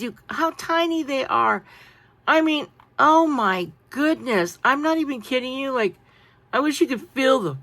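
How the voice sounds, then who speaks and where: A woman chatting casually through a craft-supply haul, animated and full of asides. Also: on the high side. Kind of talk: casual show-and-tell haul.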